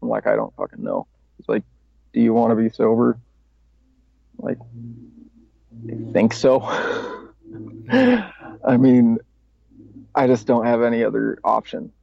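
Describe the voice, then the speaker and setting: A man's voice: medium pitch, expressive, slow, pauses often, no room sound. A man guest on a podcast, candidly telling his recovery story in a rambling, casual way with swearing and self-mocking laughs. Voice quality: gravelly. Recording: dry, slightly dull podcast audio.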